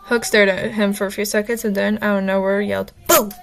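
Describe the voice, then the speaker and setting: A woman's voice: medium pitch, level tone, fast, gravelly. Chatty woman reading her old stories. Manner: chatty, self-mocking, frequent fillers. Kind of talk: reading aloud with casual commentary.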